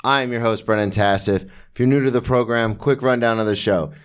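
A man's voice: mid-range voice, fairly even intonation, brisk, clear, resonant tone. A man hosting a podcast, chatting loosely and joking with his guest, swearing now and then. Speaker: podcast host. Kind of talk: casual interview chat.

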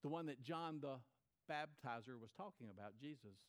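A man's voice: medium pitch, expressive, moderate pace. A man preaching a sermon, retelling a story with repeated phrases and acted-out quotes. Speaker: pastor.

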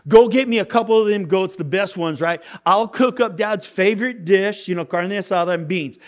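A man's voice: high-pitched, moderate pace, natural voice. A man voicing a mother who hurriedly plots with her son, in an urgent, conspiratorial tone. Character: scheming mother, hurried and sly.

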